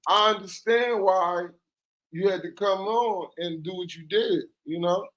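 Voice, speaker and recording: A man's voice: sits high, a little slow, fairly bright tone, poor audio. A man calling in as a guest on a livestream, talking in a laid-back, boastful, joking way. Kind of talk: casual livestream banter.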